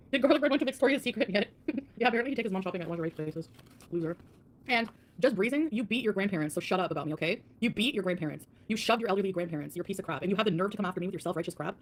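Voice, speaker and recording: A woman's voice: medium pitch, lively intonation, rapid-fire. A woman livestreamer ranting defiantly, mocking her critics. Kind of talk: livestream rant.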